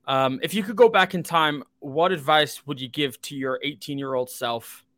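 A man's voice: a little high, moderate pace, a bit bright, no room sound, clean studio sound. A man hosting a podcast interview, asking questions and chiming in eagerly with agreement. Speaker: podcast host. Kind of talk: casual interview talk.

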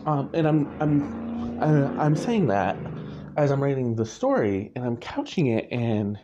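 Music plays behind a man with a mid-range, sing-song voice who speaks a little slowly. He's an author rambling casually about his work, frequently correcting himself and chuckling, all captured on a muffled lo-fi recording.

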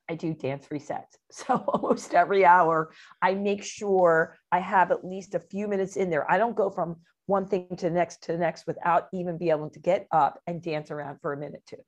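A woman who is a motivational speaker, telling stories as an interview guest in an animated way, often laughing and acting out quotes. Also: lowish voice. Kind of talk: casual interview storytelling.

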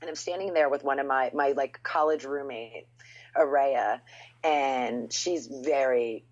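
A woman's voice: a bass voice, unhurried, dull audio. A woman in her thirties, a musician guest on a podcast, telling stories in casual chat with lots of "like" and quoted voices. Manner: storytelling, animated quotes, frequent "like".

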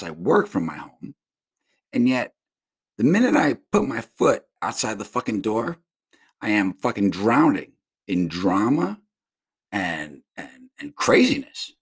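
A man from South Florida with a fairly low, husky voice hosts a casual solo podcast from home. He rambles through a profane monologue full of restarts and tangents.

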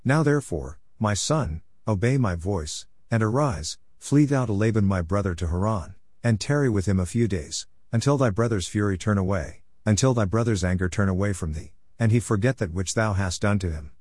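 A man's voice: lowish voice, lively intonation, moderate pace, hardly any pauses, darkish tone, no room sound, clean studio sound. A man reading the lines of an anxious mother, urgent in a King James cadence. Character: anxious mother urging her son to flee.

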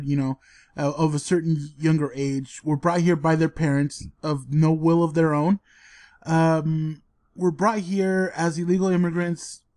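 A man's voice: fairly high pitch, darkish tone, dry recording, clean studio sound. A man co-hosting a podcast in casual chat, laid-back and laughing often. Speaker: podcast co-host.

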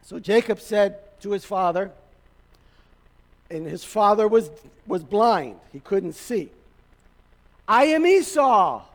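A male pastor with a notably high voice preaches to his congregation. He tells the story casually and with humor, and his voice carries a long hall reverb. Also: slow, long pauses. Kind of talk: sermon.

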